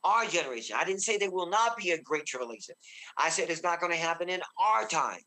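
Man, fervent preacher, slightly high voice, shouts of praise, slows down for solemn quotes. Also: animated. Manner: slows and deepens when quoting God. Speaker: guest minister. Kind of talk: excited preaching in a talk show interview.

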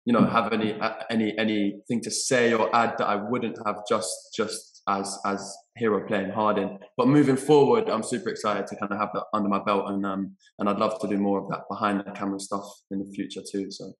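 A young man talks casually as an interview guest. His voice sits low, and his speech is halting, full of repeats and restarts. The sound is roomy, with a noticeable echo. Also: little pitch movement. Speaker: actor and producer, interview guest.

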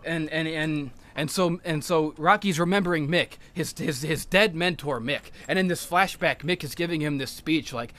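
High-voiced excited rambling man. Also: moderate pace, few pauses. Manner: excited, rambling, swears a lot. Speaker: podcast host. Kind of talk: casual podcast chat.

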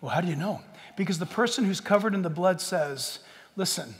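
A man preaching a sermon as pastor in a large church, animated and joking, acting out people in quotes. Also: high voice, fairly quick, in a large hall.

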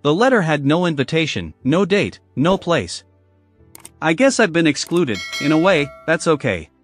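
A man narrating a first-person story in a scripted, measured storytelling manner. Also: a little high, big pitch swings, soft background music.

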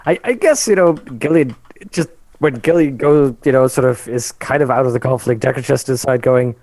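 A man playing a tabletop role-playing game, talking haltingly with restarts. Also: mid-range voice, animated, a little mellow, dry recording. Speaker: player.

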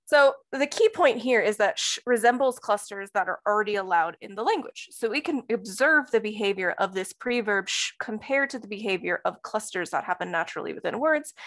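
A woman's voice: medium pitch, a bit bright, no room sound. A woman giving an academic talk on phonology, explaining examples step by step with frequent fillers. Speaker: linguistics presenter.

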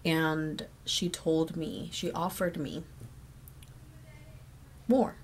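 A young woman chats to her camera from her bedroom, her low-pitched voice full of gravelly fry. She tells her story loosely, with many fillers and voices for the people she quotes. A faint hiss of room noise sits under the recording. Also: extremely slow. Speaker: vlogger. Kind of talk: casual storytime chat.

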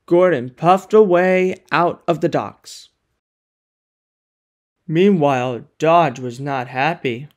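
A narrator reading a cartoon engine story in a plain, even storybook manner. The delivery is slow and unhurried, at a middle pitch. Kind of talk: storybook narration for a fan-made animated series.

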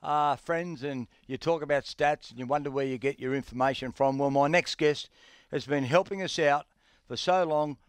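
A middle-aged man with an Australian accent hosting a sports radio show, talking haltingly with many fillers and restarts. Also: on the high side, clean tone, no echo.

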